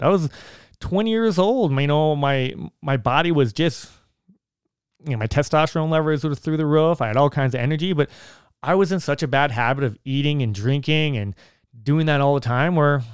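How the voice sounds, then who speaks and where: A man's voice: fairly high pitch, expressive, moderate pace, smooth, dry recording, studio quality. A man telling personal stories and giving advice casually, rambling with many restarts. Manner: rambling, with frequent restarts and filler words. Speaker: vlogger.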